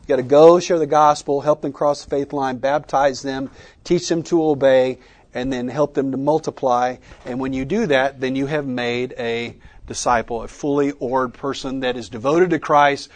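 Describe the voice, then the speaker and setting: A man teaching a conference workshop, asking the audience questions and pausing for their answers. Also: mid-range voice. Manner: interactive, quizzing the audience with questions; Southern "y'all" in speech. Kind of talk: teaching session. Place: conference room with a live audience.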